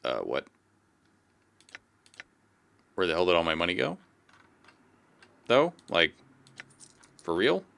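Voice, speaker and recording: A man's voice: low voice, huge pitch swings, takes it slowly, vocal fry, pauses often, a bit bright. A man casually commenting on a game as he plays and reads its text aloud. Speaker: game streamer.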